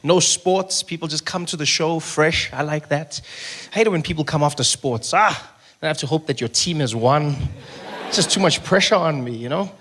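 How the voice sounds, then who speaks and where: A young South African man doing a stand-up comedy set, telling stories in an animated way and jumping into high mock outrage. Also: moderate pace. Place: comedy stage before a live audience.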